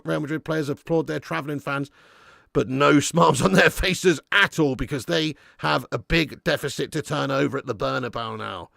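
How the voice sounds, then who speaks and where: A man hosting a live football watch-along, commentating excitedly and chatting casually with viewers in the comments. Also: on the high side, gravelly, dry recording, clean studio sound. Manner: excitable, jumps up at big moments. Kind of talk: live match commentary reading chat.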